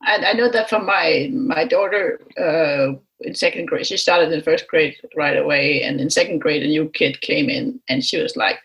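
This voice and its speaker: A woman who is a mother, a guest on a podcast interview, speaking reflectively with frequent pauses and restarts. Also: low-pitched, a bit bright, poor audio. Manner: reflective, halting, with many restarts. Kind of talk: conversational interview.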